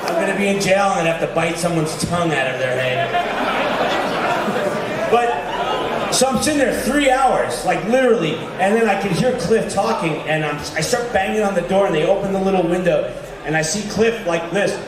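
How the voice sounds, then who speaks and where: Animated New man telling a story. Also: sits high, moderate pace. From New York. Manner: animated, swearing, acting out quotes. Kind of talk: telling an anecdote. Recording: echoey, distant, with crowd noise.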